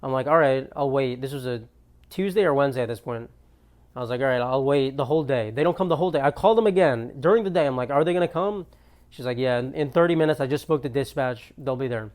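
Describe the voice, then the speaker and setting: A young male comedian hosts a podcast and does a solo comedic monologue from his apartment, speaking fast in a mid-range, darkish voice. He rants in exasperation, swearing freely as he tells his story.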